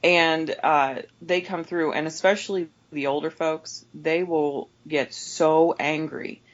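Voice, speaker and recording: A woman's voice: fairly even intonation, slow pace, lo-fi sound. A woman, an overnight gas station clerk, telling a rambling, exasperated story about a customer as a podcast guest. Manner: exasperated, rambling with many restarts; raises pitch sharply when mimicking customers. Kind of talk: casual storytelling rant.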